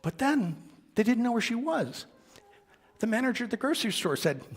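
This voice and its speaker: Man telling a story from the pulpit, gravelly and husky. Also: extremely high pitch, big pitch swings, moderate pace, pauses often. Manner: gentle anecdotal storytelling with quoted dialogue. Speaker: minister. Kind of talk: storytelling sermon.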